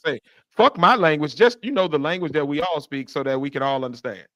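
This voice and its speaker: A man's voice: medium pitch, brisk, no room sound. A man co-hosting a podcast in heated casual chat, speaking in a needling way and arguing point by point. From United States. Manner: needling, lively, argues on points. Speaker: podcast co-host.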